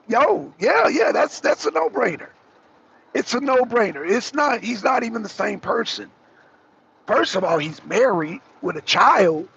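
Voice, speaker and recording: A hoarse man from the Southern US hosting a casual livestream, chatty, calling viewers y'all and clearing his throat often. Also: high voice, fairly bright tone. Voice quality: raspy, gravelly. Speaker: talk show host. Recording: dull lo-fi stream audio.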